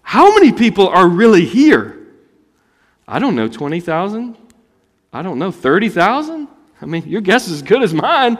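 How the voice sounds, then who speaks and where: A man from North Carolina preaching a sermon as a pastor, telling stories with swings from loud emphasis to soft asides. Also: a little high, moderate pace, in a large hall. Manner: animated storytelling, rising loud for emphasis and dropping soft. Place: church sanctuary.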